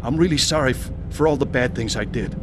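A man's voice: mid-range voice, fast, very noisy. A man earnestly narrating and acting out his own conversion story, pleading with his family. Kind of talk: dramatized testimony narration.

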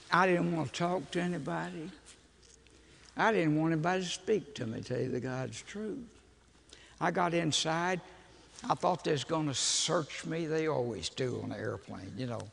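An older man, telling a humorous story in a folksy, animated sermon. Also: a little high, a little slow, vocal fry, pauses often. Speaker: preacher. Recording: long reverb of a large hall.

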